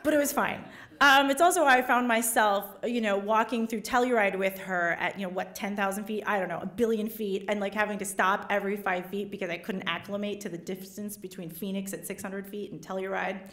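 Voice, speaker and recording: A woman reporter telling a self-deprecating story on stage before a live audience, animated and acting out the quotes. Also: mid-range voice, fairly quick.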